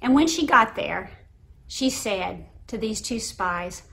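A middle-aged woman preaching a sermon, telling a story with lively acted voices. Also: mid-range voice, slow, vocal fry. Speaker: pastor.

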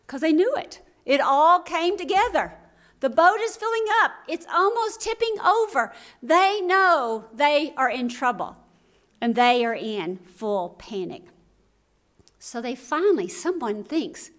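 A woman's voice: sits high, big pitch swings, takes it slowly, fairly bright tone. A woman pastor preaching a sermon, telling a story dramatically and acting out voices.

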